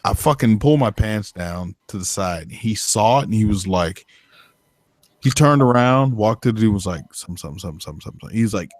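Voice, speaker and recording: A man with a low voice tells a story on a podcast, rambling along and swearing freely. His voice sits close and dry, with no room sound. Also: moderate pace, darkish tone, no room sound. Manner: rambling, profane, filler-heavy. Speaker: podcast co-host. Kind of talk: casual storytelling chat.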